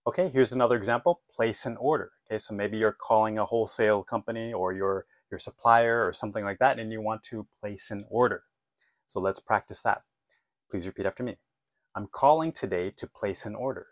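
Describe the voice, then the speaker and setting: A man teaching an English lesson, modeling phone phrases clearly and patiently asking listeners to repeat after him. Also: on the low side, steady tone, fairly quick, no room sound.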